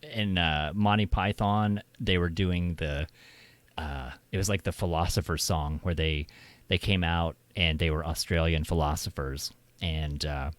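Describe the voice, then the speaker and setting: A man's voice: sits low, fairly even intonation, measured pace, no room sound. A man from Oklahoma hosting a stream, chatting casually with many fillers and laughs. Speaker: streamer host. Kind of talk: casual chat.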